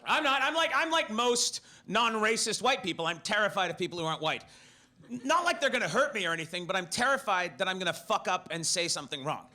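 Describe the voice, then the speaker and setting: A man with a British accent doing a stand-up comedy set, animated and profane, breaking into shouted inner voices. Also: high-pitched, fast talker. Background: audience laughter.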